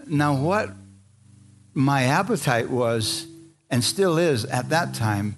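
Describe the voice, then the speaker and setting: A man's voice: mid-range voice, lively intonation, takes it slowly. A man preaching a sermon, telling a personal story in a conversational way and calling out to the congregation. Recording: music playing behind.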